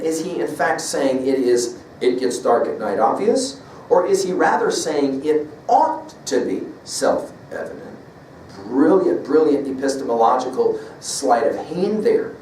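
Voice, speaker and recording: Male lecturer, mid pitch, measured and emphatic, recorded from afar in a roomy hall. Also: darkish tone, a little hiss or hum. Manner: measured, emphatic, reads quotes aloud with stress on key words. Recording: echoey room from a distance, faint ambience.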